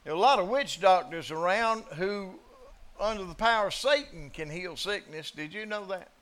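A man preaching a sermon in a dramatic way, moving from hushed asides to loud declarations. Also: high voice, moderate pace.

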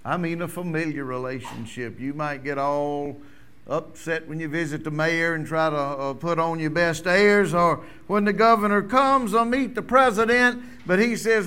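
A middle-aged pastor's sermon shifts between resounding declarations and soft, nearly whispered moments. His male voice is on the high side, clear and resonant in tone, and he speaks at a moderate pace.

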